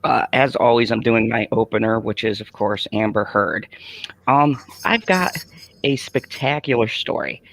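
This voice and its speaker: A man's voice: medium pitch, measured pace, fairly bright tone, no room sound. A man hosting a casual late-night live stream, ranting and swearing freely. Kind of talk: casual profane livestream chat.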